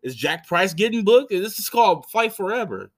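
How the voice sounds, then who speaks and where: A man's voice: high-pitched, sing-song, normal speed. A man in his thirties hosting a podcast, telling a story casually with blunt, profane, rambling talk full of restarts. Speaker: podcast host.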